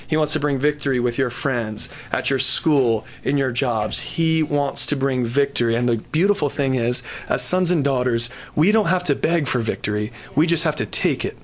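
A man's voice: mid-range voice, moderate pace, few pauses. A man preaching a sermon in a church service, emphatic and building to exhortation before moving into prayer. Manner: slips into prayer. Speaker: pastor.

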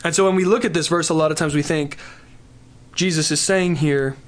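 A man's voice: a little high, fairly even intonation, a little fast. A man preaching a sermon in a church service, emphatic and building to exhortation before moving into prayer. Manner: slips into prayer. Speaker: pastor.

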